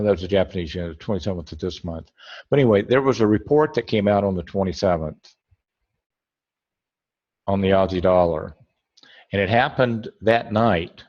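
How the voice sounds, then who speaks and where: Man, webinar trading instructor, low voice, rambling, self-correcting, dull lo-fi sound. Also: a little mellow. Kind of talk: screen-share trading tutorial.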